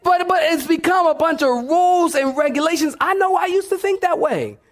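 A man's voice: very high voice, moderate pace. A man preaching a sermon to a church congregation, telling stories with humor and talking back and forth with the people. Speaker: pastor. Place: church sanctuary before a congregation.

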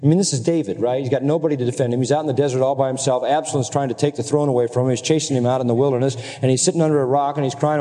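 A middle-aged man preaching a sermon, earnest and emphatic, at times climbing into high, excited exclamations. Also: very fast, few pauses. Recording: long hall reverb.

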